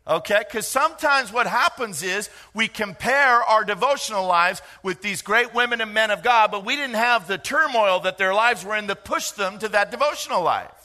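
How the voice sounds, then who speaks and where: Lively, bright-voiced male preacher. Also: high-pitched. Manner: lively, joking preacher with quick asides. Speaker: pastor. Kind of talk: sermon.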